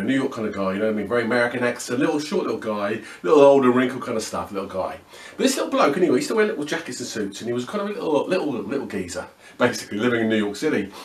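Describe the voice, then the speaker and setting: A rapid-fire man in his fifties talks in a lively, up-and-down voice, rambling enthusiastically and circling back to the same fillers. He sounds set back from the mic in a roomy, echoing space. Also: mid-range voice, recorded from a distance. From England. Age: 50s. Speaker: magic vlogger. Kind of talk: casual rambling vlog monologue.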